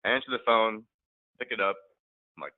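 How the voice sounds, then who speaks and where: Man with a low voice over a tinny line. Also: a little fast, no echo. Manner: profane, rambling anecdote. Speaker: podcast guest. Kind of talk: casual storytelling. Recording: tinny phone-like line, dry.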